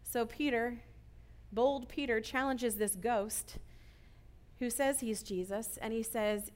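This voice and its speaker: A woman delivers an earnest sermon in a slightly high voice. She often turns to her listeners with a quick "right?" to pull them along. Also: a little mellow. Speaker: preacher.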